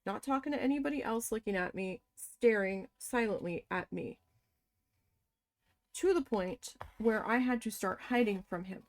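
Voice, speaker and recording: A woman casually telling a story from her past, animated and swearing as she quotes her own shocked reactions. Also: on the high side, moderate pace. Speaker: crafting vlogger.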